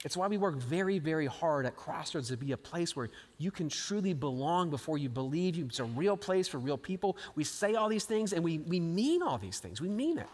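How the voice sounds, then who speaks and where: Man, pastor, animated sermon, long church reverb. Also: on the high side, brisk, few pauses. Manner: animated storytelling, acting out quotes with sudden swings from loud to hushed. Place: large church auditorium.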